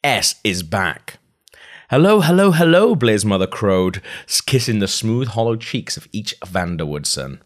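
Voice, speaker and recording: A man's voice: low-pitched, a little slow, hardly any pauses. A man casually reading a novel aloud, chatty and amused, breaking off to react to the story. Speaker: reader of a novel. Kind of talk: casual read-aloud with asides.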